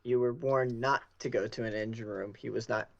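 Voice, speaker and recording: A man's voice: medium pitch, fairly even intonation, brisk, vocal fry, highs cut off. A man running a tabletop game as game master, narrating and teasing his players.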